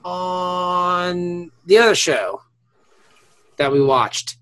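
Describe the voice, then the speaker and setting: A man's voice: high voice, extremely slow, fairly bright tone, smooth. A tired man co-hosting a podcast in casual chat, rambling and crude, laughing often. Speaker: podcast co-host.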